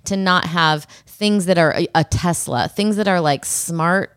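Middle-aged female co-host, lowish voice, rambling casual chat, dry close mic. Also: measured pace, fairly bright tone, clean tone, no echo. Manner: chatty, rambling, many "like" fillers. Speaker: podcast co-host. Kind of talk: casual podcast banter.

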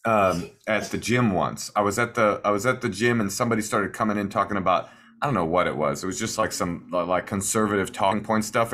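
A man co-hosting an advice podcast in casual chat, trading deadpan, sarcastic jokes. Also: fairly low pitch. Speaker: podcast co-host giving advice. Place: hotel room.

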